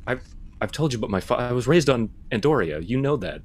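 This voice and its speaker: A man's voice: mid-range voice, expressive, fast talker. A man playing a tabletop game in character, exasperated and sarcastic. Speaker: player.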